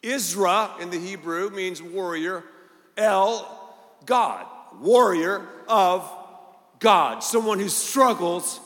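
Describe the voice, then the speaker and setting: A man with a fairly high voice delivers a lively sermon, acting out the voices in the story and driving his points home with repeated punchy phrases. His voice rings out with the long reverb of a large hall. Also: takes it slowly. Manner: animated, acts out voices and quotes, punchy repetition. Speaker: pastor.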